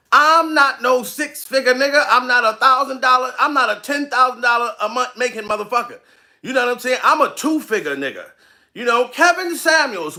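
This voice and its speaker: A man with a high-pitched, bright, cutting voice delivers a comedic rant straight to camera. He talks in coarse street slang, circling back over the same points again and again. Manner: profane, repetitive street-talk rant.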